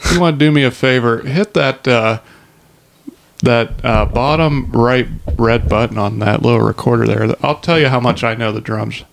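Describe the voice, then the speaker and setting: A man with a gravelly, creaky voice chats on a movie podcast. He sounds laid-back and hesitant, and a faint hiss sits under the recording. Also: medium pitch, fairly even intonation, moderate pace. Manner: laid-back, hesitant, with fillers and trailing phrases. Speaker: podcast co-host. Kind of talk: casual movie discussion chat.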